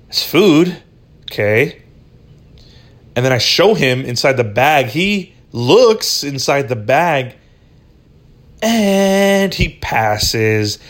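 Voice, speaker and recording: Male podcast host, mid-pitched voice, casual profane storyteller, lots of "dude" and "right?", loose and rambling delivery. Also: expressive, takes it slowly.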